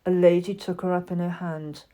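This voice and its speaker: A woman reading a children's story aloud in a gentle, expressive narration. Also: lowish voice, normal speed. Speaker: audiobook reader.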